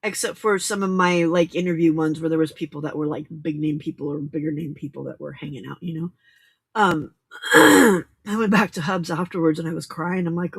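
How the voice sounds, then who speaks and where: A woman's voice: low-pitched, expressive, moderate pace, vocal fry, fairly bright tone, slightly rough. A woman hosting a late-night crafting livestream, chatting casually and giggling as she greets viewers by name, with a hint of a Southern drawl. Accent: Southern US drawl at times.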